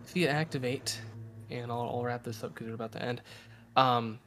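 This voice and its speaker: A man narrating a tabletop game as game master, steady and descriptive. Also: mid-range voice, normal speed. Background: music.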